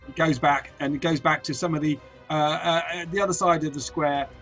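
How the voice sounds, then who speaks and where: A man's voice: fairly high pitch, steady tone, fairly quick, fairly bright tone, soft background music. Hesitant man running a tabletop game. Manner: hesitant, full of fillers and restarts. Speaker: game master.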